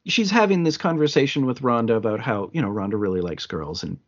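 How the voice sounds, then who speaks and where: A man co-hosting a casual film podcast, swearing freely and acting out scenes in quick voices. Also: medium pitch, lively intonation, dull audio. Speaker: podcast co-host.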